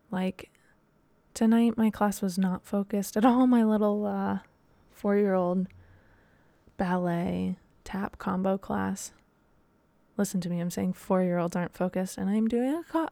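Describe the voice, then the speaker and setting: A woman's voice: medium pitch, fairly even intonation, unhurried, vocal fry, dark tone, no room sound. A young woman hosting a casual solo podcast, talking in a rambling, chatty way with lots of fillers. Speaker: podcast host and dance teacher.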